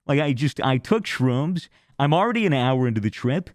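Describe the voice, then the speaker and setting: A young man on a podcast, telling a story in a casual, animated way and acting out the quotes. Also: mid-range voice, normal speed, dry recording. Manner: animated storyteller who acts out his quotes. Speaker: podcast regular.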